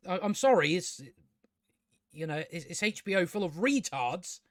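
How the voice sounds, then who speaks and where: A man's voice: sits high, normal speed, no room sound, studio quality. A man reviewing a TV show in a casual rant, blunt, scornful and full of swearing.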